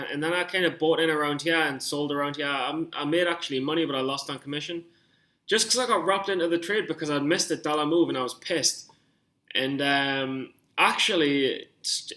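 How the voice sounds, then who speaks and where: A young man talking through his stock trades on screen, rambling and getting excited, swearing when worked up. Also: a little high. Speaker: stock trading vlogger. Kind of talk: casual screen-share commentary.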